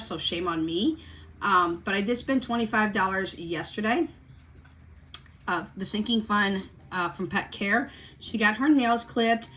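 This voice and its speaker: A woman's voice: medium pitch, a bit bright. A woman chatting casually to camera about her budget from her home desk, rambling and correcting herself as she goes. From Missouri. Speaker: budgeting vlogger.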